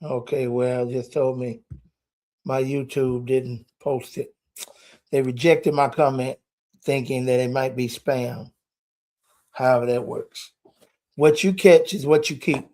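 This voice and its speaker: A man's voice: medium pitch, fairly even intonation, takes it slowly, long pauses, darkish tone. A man preaching live from a hotel room, stretching key words for emphasis and dropping folksy asides. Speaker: preacher and podcast host. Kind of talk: live-streamed sermon. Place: hotel room while traveling.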